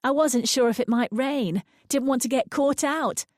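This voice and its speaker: A woman's voice: high voice, moderate pace, darkish tone, no echo, studio quality, voice pushed up, natural voice. A woman voicing a polite, slightly hesitant young woman who has just arrived somewhere new. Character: young woman, polite newcomer, a little awkward.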